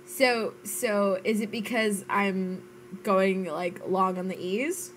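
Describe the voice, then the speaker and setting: Unhurried, playful woman streamer. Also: mid-range voice, slight background noise. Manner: playful, giggly, self-teasing. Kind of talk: casual chat while live-streaming a game.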